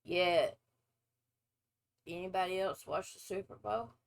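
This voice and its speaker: A woman in her forties who used to be a nurse hosts a casual reaction video, offering outspoken opinions and lengthy asides. Her fairly low voice has fairly even intonation and vocal fry, captured in a rough recording.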